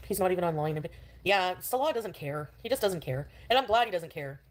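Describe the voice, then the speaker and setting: A woman's voice: on the low side, expressive, normal speed. A woman chatting casually on a livestream, rambling and defensive, with many fillers.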